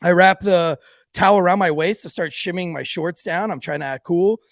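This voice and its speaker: Raspy high-voiced man telling a story. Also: normal speed, no echo, clean studio sound. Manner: profane, rambling, lots of "like". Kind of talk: casual storytelling.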